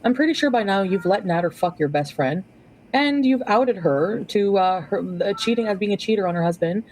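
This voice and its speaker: A woman's voice: mid-range voice, lively intonation, fairly quick, a little mellow, poor audio. A woman in a played clip, ranting bitterly at someone she accuses, swearing freely. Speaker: person in clip being reacted to. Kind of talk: angry online rant.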